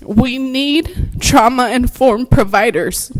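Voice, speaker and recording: A woman's voice: a little high, slow pace, poor audio. A woman therapist giving earnest, emotional public comment at a board meeting, reading prepared remarks.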